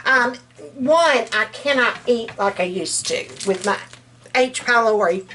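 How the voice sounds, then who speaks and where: A woman's voice: fairly high pitch, a little slow, fairly bright tone, a little hiss or hum. A woman from South Alabama with a Southern accent, chatting folksily to her viewers while she cooks in her home kitchen. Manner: chatty and folksy, calls viewers girl and baby. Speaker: home cooking vlogger. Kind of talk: casual chat.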